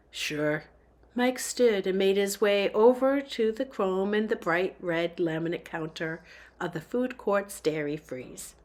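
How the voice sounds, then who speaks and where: Female narrator for a novel chapter reading, steady storytelling delivery, middle pitch. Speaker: book reader.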